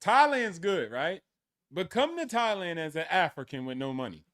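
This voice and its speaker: A man talking in a relaxed group discussion, his pitch sitting a little above the usual. He tells stories with animation and slips into quick voices for the people he quotes. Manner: animated storytelling, acting out quoted locals. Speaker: panel guest living in Thailand.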